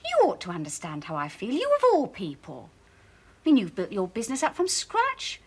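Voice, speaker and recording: A worried businesswoman who argues anxiously to keep her family firm. Her voice is husky and a little breathy, and it rises and falls a great deal as she pleads. It is 1980s television soap acting. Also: mid-range voice, huge pitch swings, fairly quick, heavily acted. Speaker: motel co-owner.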